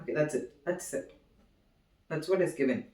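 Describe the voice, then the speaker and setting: A young man gives an informal physics seminar, halting and repeating phrases as he writes. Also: on the high side, a little mellow, recorded from a distance. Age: young adult. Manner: halting, repeats phrases while writing on a board. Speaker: student giving a physics seminar. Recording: echoey room, voice from off-mic.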